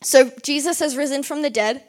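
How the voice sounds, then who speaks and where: A young woman with a fairly high voice preaches a sermon. She talks earnestly and conversationally, weaving her own story into scripture, with bursts of lively animation. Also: fairly quick.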